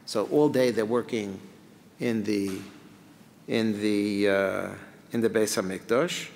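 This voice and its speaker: Rabbi lecturing in a reverberant hall. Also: male voice, on the low side, takes it slowly. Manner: reads Hebrew and Aramaic text then translates it, lively questions. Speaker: rabbi teaching a class. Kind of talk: Talmud lecture.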